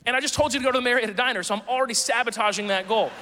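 A man preaching a sermon as pastor, conversational and playful, with quick asides to the congregation. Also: very high-pitched, sharp tone. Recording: long hall reverb.

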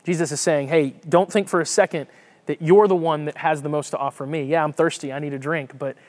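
Reading a passage of scripture and then unpacking it, a pastor preaches in a lively, conversational way, frequently starting sentences over. His voice is on the high side and a little fast, and he repeats words while gathering his thoughts.

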